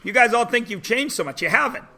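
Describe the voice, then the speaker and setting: A man in his forties, a high school English teacher, talking to his class in an animated, sarcastic, joking way. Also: fast talker. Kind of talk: classroom talk.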